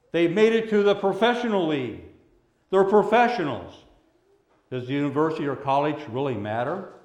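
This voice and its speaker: A man preaching a sermon as pastor. He speaks in a measured way and draws out the words he wants to stress. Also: fairly high pitch, darkish tone. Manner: measured, with drawn-out emphasis on key words. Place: church sanctuary. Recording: echoey church room.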